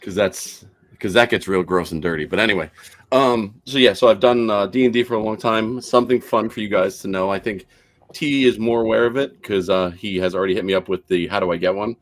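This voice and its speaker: A man chatting casually on a stream about his gaming projects, telling stories and acting out the people he quotes. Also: a little fast. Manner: animated storyteller, acts out quotes in higher voices. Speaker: game designer and dungeon master.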